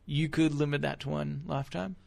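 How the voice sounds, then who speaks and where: A man co-hosting a podcast in casual chat, telling stories in an animated, jokey way. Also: on the high side, brisk, vocal fry. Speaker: podcast co-host.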